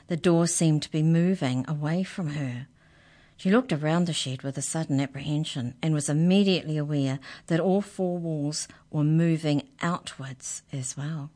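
Woman, children's story reading, expressive, low voice. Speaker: storytime reader on community radio. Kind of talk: reading a children's book aloud.

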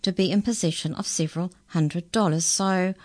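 A woman voicing a smooth-talking scheming pastry cook. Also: fairly low pitch, fairly even intonation, normal speed, close to an everyday voice. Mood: wheedling. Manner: smooth, ingratiating.

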